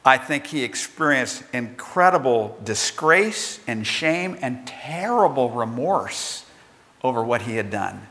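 A man's voice: mid-range voice, lively intonation, slow pace, bright, forceful tone. A male pastor preaching a sermon, telling a story and acting out its characters. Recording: long hall reverb.

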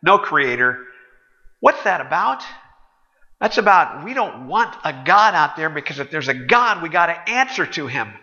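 A male pastor delivers a sermon in a relaxed, chatty, sardonic manner. His voice is fairly high and very bright. The sound is dull and carries the long reverb of a church hall. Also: moderate pace. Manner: conversational, wry and sardonic. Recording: dull echoey hall recording.

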